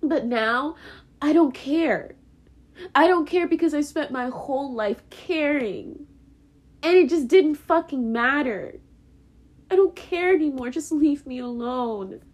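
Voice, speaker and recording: A woman's voice: sits high, expressive, slow pace. A young woman on a podcast, venting in a raw, profane, repetitive way about her family. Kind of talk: emotional podcast monologue.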